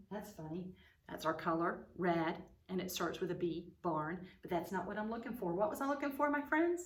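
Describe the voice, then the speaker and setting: A woman teaching preschoolers over video, using a lively, sing-song voice for small children. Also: medium pitch, a little fast. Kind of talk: online preschool lesson. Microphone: camera mic. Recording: roomy sound, a bit far from the mic.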